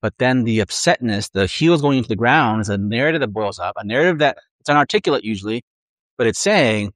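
A man's voice: medium pitch, animated, quick pace, fairly bright tone, no room sound, clean studio sound. A man preaching a conversational sermon, earnest, acting out the inner voices of his listeners.

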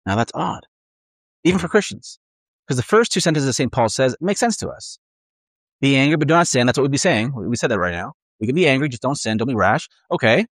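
A man's voice: medium pitch, lively intonation, quick pace, dry recording, studio quality. Earnest man preaching a sermon. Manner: earnest, conversational preaching with acted-out inner voices.

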